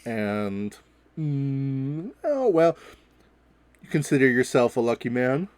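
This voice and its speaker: A nervous, smooth-talking gambler who wheedles and stammers, as a man puts him on in a tabletop game. He talks at an unhurried, drawn-out pace. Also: mid-range voice, lively intonation, darkish tone, voice pushed up. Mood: wheedling.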